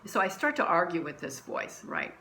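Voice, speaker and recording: Woman, deep-toned speaker, personal faith story, earnest, stumbling restarts, at home. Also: wildly swooping pitch, normal speed, bright, forceful tone, a little hiss or hum, poor audio. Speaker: church member sharing a testimony. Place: at home, dining room.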